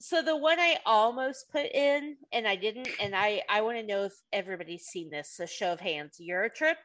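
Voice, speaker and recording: A woman hosting a casual podcast chat, bubbly and quick to quote movie lines. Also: mid-range voice, a bit bright, slight background noise.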